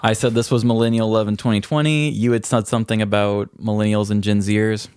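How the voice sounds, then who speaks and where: A man with a low voice co-hosts a casual podcast, recounting office stories and acting out what people said. His sound is close and dry, with no room around it. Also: fairly quick, clean tone, no echo. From Missouri, US. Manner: animated retelling of work stories with mimicked quotes. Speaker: podcast co-host. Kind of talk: casual chat, storytelling.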